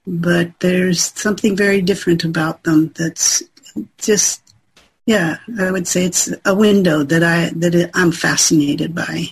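A woman's voice: on the low side, steady tone, a little slow, husky, rough recording. A woman sharing in a group video call, hesitant and searching for her words. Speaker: group participant.

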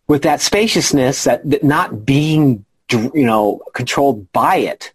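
A man's voice: medium pitch, expressive, measured pace, hardly any pauses, slightly rough, low-quality recording. A man leading a spiritual discussion group over a video call, encouraging and playful in how he draws people out. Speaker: group facilitator.

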